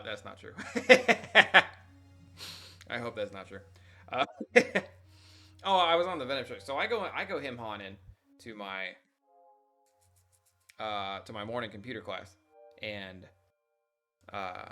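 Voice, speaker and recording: A man's voice: on the low side, pushed and bright. A young adult man streaming, casually telling a rambling, profane, self-mocking story to his chat.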